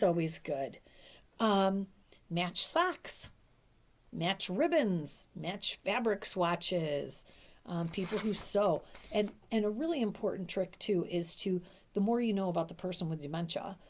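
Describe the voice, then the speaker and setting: A middle-aged woman with a low, grounded voice coaches family caregivers in a casual, chatty way. She is emphatic and often repeats her key points for effect. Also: a little mellow. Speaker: dementia care coach. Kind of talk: casual advice talk to camera.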